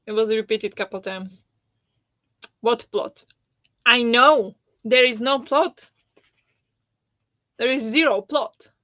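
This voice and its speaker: A woman's voice: fairly high pitch, takes it slowly, long pauses, fairly bright tone, no room sound, dull audio. A woman hosting a live book club discussion, casual, blunt and sarcastic, laughing often. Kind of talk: casual live-stream chat.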